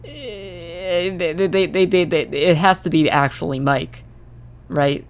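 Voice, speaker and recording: A man's voice: sits high, slow pace, slight background noise. A man co-hosting a podcast over a call, bantering in a stammering, sardonic way, with faint music underneath. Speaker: podcast co-host.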